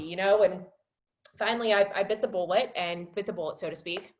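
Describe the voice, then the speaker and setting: A young woman in her twenties, a wellness coach telling her personal story on a webinar in an emotional, filler-heavy way, rising high and loud when she relives moments. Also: fairly even intonation, fast talker. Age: 20s.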